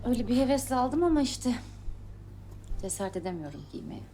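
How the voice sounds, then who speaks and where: An actress playing a hesitant young woman in a TV drama, speaking softly and questioningly. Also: fairly high pitch, sing-song, fast, music in the background. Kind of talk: TV drama dialogue.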